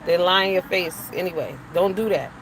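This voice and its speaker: A woman's voice: on the low side, a little fast. Brief: middle-aged woman, show host, emphatic and profane opinion talk, faint background hiss. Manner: blunt, profane, emphatic, preachy asides. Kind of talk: opinionated casual commentary.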